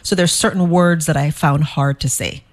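A woman from St. Croix, an author being interviewed, talking in a quick, animated way with frequent restarts. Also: low voice. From St. Croix, US Virgin Islands. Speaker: author and guest. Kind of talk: casual interview chat.

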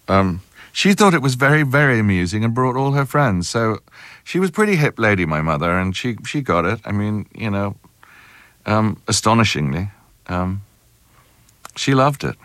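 Deep-voiced British man telling anecdotes. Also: normal speed, dry recording. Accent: British English. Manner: anecdotal, hesitant with many ums, animated storytelling. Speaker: interview guest, actor. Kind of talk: radio interview.

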